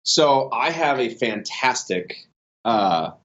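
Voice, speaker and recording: A male podcast guest with a mid-range voice tells business stories slowly, rambling casually with lots of restarts and fillers. He gets animated in his stories, and the audio sounds dull.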